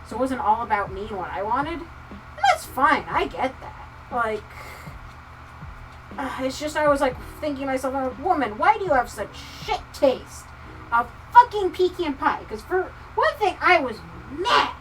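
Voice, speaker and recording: A woman livestreamer chatting casually with viewers, ranting with profanity and swinging from muttering to near-shouting. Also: high-pitched, big pitch swings, moderate pace, distant mic, noisy background. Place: home craft room. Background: soft lofi music.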